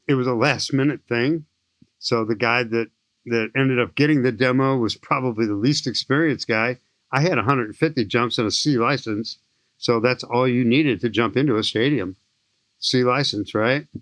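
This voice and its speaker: A man in his sixties from St. Louis, a skydiving instructor telling lively, enthusiastic stories as a podcast guest. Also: mid-range voice, normal speed, dry recording. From St. Louis, USA. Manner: enthusiastic, lively anecdotal storyteller. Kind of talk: animated storytelling in an interview.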